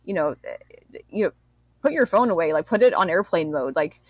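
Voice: medium pitch, animated, fairly quick, dry recording, highs cut off. A forty-year-old guest in a casual podcast conversation, talking earnestly with many fillers and acting out past reactions. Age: 40s.

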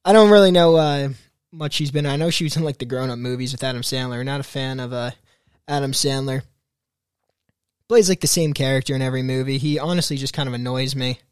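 A man's voice: mid-range voice, brisk, smooth, no room sound, studio quality. A young man hosting a casual solo podcast, rambling with many fillers and restarts. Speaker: podcast host.

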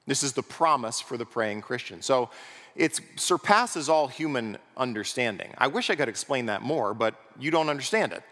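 A pastor preaching a sermon in a conversational way, often checking in with the congregation through rhetorical questions. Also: male voice, medium pitch, lively intonation, moderate pace, a bit bright. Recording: long reverb of a large hall.

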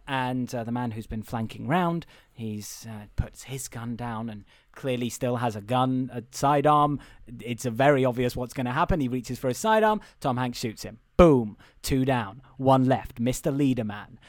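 A man's voice: mid-range voice, dry recording, studio quality. A young man who hosts a podcast, giving a casual, rambling, profane and amused recap of a film. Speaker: podcast host.

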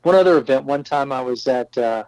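Pastor telling stories. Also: male voice, mid-range voice, brisk, no echo, low-quality recording. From Austin, Texas. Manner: animated storyteller who acts out quotes. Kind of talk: casual storytelling chat.

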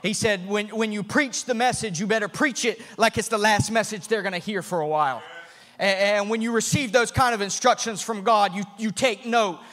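A man, a missionary preacher, telling a story in a sermon, often repeating himself and building to shouted fervor. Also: high-pitched, moderate pace. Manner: repeats and restarts phrases. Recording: long hall reverb.

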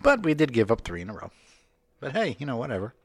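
A man's voice: mid-range voice, wildly swooping pitch, fast talker, no room sound, studio quality. An American man co-hosting a podcast, chatting casually and joking with his co-host. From United States. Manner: jokey, chuckling banter. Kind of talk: casual chat.

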